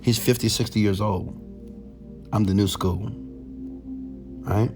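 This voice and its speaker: A man giving a motivational monologue straight to camera, preachy and repetitive, building from low, confiding talk to loud exhortation. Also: fairly even intonation, slow pace, music in the background. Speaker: motivational speaker.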